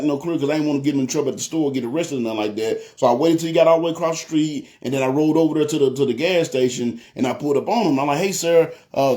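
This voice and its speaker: A man's voice: fairly high pitch, darkish tone. A young man, telling a testimony in a casual sermon and often asking "you know what I'm saying.". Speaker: preacher.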